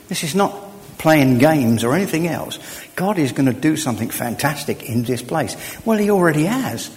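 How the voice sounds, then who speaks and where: Man preaching in a reverberant church. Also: a little high. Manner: conversational, acts out dialogue, swings from hushed to loud. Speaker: guest preacher. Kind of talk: sermon. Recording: church hall with long reverb.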